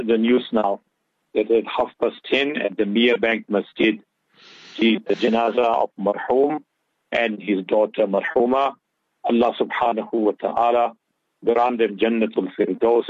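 Over dull lo-fi radio audio, a man passionately dispenses Islamic advice on a talk show, mixing English with Urdu and Arabic phrases. His medium-pitched voice keeps a normal speed in a dry recording.

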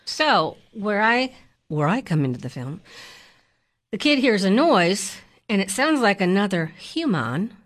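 A woman's voice: medium pitch, very animated, fairly bright tone. Joking woman hosting a chatty podcast. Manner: joking, quick asides, pop-culture references. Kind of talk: casual podcast chat about a film.

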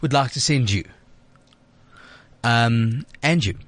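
A man's voice: medium pitch, takes it slowly, dry recording. A man hosting a radio show from the studio, teasing and theatrical in a casual chat. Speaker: radio host.

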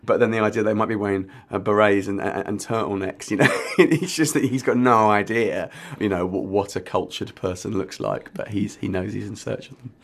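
A man's voice: on the low side, fairly even intonation, a little fast, hardly any pauses. A man, a poet being interviewed, talking casually and self-deprecatingly with lots of restarts. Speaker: poet and performer, guest.

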